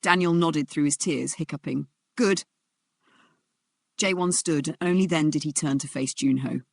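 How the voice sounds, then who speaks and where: A narrator reading a dramatic story in a steady storytelling voice. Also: mid-range voice, fairly quick, vocal fry, no room sound, studio quality.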